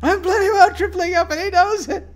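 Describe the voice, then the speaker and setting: A paranoid, unhinged man pours out his diary, pitch shooting up and volume swelling into frantic, shrill outbursts, as a man reads him aloud. The voice is higher than the reader's own and grows more unsteady with each entry. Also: animated, fairly quick. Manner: frantic, rising shrill and loud.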